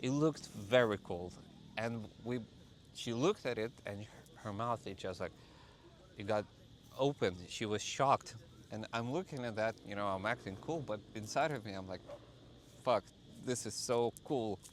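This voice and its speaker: A man telling a personal story to camera in a halting way, with many filler pauses. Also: fairly low pitch, a little hiss or hum. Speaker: vlogger.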